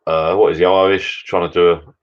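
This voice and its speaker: A man's voice: sits low, flat delivery, fairly quick, lo-fi sound. A British man hosting a casual live chat with viewers, rambling chattily while drinking beer. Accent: British English. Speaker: livestream host chatting with viewers.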